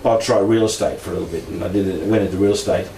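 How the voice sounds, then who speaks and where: Speaking very fast in a deep, mellow voice with a steady tone, a middle-aged Australian man casually relates his paranormal experiences. He laughs a lot and acts out the voices he quotes. The recording sounds echoey and distant, with faint noise.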